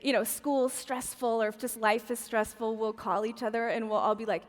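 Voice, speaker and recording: A woman's voice: on the high side, steady tone, normal speed, in a large hall. A woman in her forties gives a church Christmas talk as a chatty, self-deprecating comic storyteller. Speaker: guest speaker at a church Christmas event. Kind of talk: humorous personal storytelling message. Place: large church auditorium.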